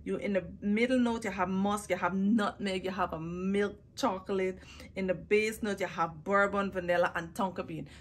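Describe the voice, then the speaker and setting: A woman's voice: mid-range voice, fairly even intonation, moderate pace. Woman gushing over perfumes in a casual haul vlog, drags words out for emphasis, close mic. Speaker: fragrance vlogger.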